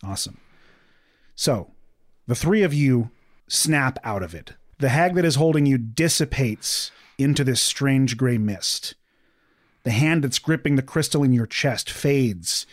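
A man running a tabletop game as game master, calmly narrating scenes and calling for dice rolls. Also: medium pitch, a little slow, no echo, studio quality. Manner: calm, descriptive narration.

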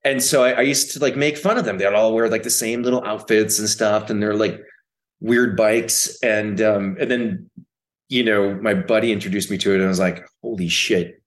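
A man who is an actor, a guest on a podcast, telling stories in a loose, profane, animated way. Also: lowish voice, normal speed. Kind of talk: casual interview chat.

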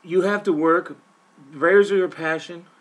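An opinionated man hosts a sports podcast in a casual monologue, speaking straight to his listeners. His voice sits a bit high for a man, and he often restarts and repeats words as he pushes his points. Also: fairly even intonation, normal speed, a bit bright. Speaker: podcast host covering a football team.

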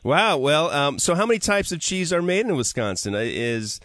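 A man's voice: on the high side, very animated, moderate pace, fairly bright tone, dry recording. A man hosting a casual radio talk show from a studio, upbeat and chatty, laughing easily. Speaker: radio host.

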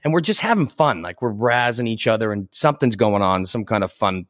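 A man's voice: fairly low pitch, expressive, a little fast, a bit bright, no room sound. Chatty man telling stories, dry close sound. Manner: chatty, laughs often, acts out quoted voices. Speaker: actor guest. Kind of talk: casual anecdotal storytelling.

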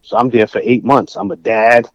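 A middle-aged music producer from Massachusetts tells his story in an animated, conversational way, acting out what people said. His voice sits at an ordinary pitch and sounds close and dry. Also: moderate pace, dry recording, rough recording. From New Bedford, Massachusetts. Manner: animated, acts out dialogue.

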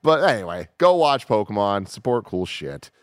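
Relaxed male co-host, lowish voice, casual news read, dry close mic. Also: moderate pace, smooth, no room sound. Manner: relaxed, swears freely, laughs while reading. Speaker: co-host reading news stories. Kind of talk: casual gaming news chat.

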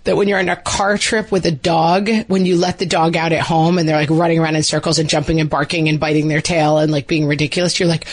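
A woman's voice: low-pitched, level tone, fast talker, few pauses. Chatty rambling woman podcast host. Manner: chatty, rambling, many fillers. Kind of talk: casual parenting podcast chat.

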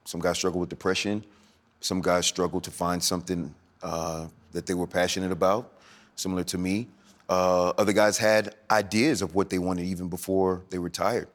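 A man in his forties speaking as a podcast guest, with a soft, smooth and melodic way of talking. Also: low voice, level tone, normal speed. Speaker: guest, former NFL running back turned actor. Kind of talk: podcast interview.

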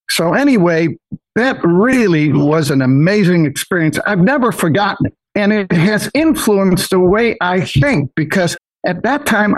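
A man's voice: fairly high pitch, dry recording, rough recording. An older man, a podcast guest, telling a personal story in a rambling, folksy way, often saying "so anyway".

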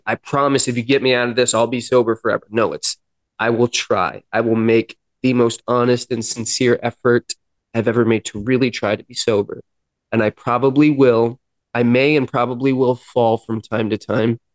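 Guy on a podcast telling his story, earnest, mid-pitch voice, dry close sound. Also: dry recording. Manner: earnest, acts out past dialogue, halting restarts. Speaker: podcast guest, musician in recovery. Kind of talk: personal storytelling in a sit-down interview.

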